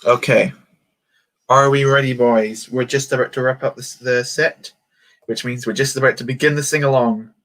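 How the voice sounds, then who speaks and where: A man's voice: medium pitch, steady tone, normal speed, a bit bright. A man chatting casually on a livestream while building a toy set, joking and poking fun at himself. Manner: chatty, joking, self-mocking.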